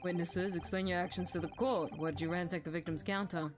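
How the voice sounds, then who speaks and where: A woman putting on a haughty, icy prosecutor in a courtroom game. She drops her voice low and speaks formally and deliberately, with a faint tune underneath. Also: steady tone, over music, natural voice. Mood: cold.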